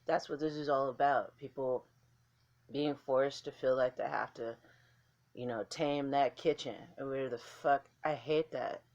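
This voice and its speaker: A woman's voice: a bass voice, steady tone, normal speed, a little mellow, dull audio. A woman vlogger talking casually to camera in a blunt, candid way, swearing freely.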